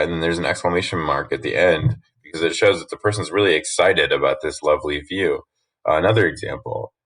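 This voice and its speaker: A man's voice: low voice, fairly bright tone. A man teaching a lesson from slides, patiently reading rules and examples aloud and explaining them, with frequent "uh" fillers.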